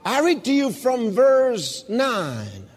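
A man preaching a sermon as pastor, reading scripture slowly and then breaking into shouts of praise. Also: very high-pitched, huge pitch swings, husky, long reverb tail. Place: church.

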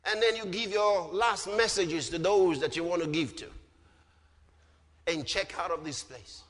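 A man preaching a sermon with fervour, often shouting and drawing out his words. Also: high-pitched, unhurried. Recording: hall reverb.

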